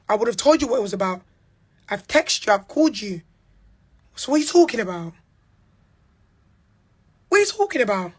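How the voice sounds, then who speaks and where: A woman's voice: medium pitch, big pitch swings, a little fast, long pauses, slightly rough. A young woman, speaking in a heated, repetitive, confrontational monologue. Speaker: reality show cast member. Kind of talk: angry monologue to camera.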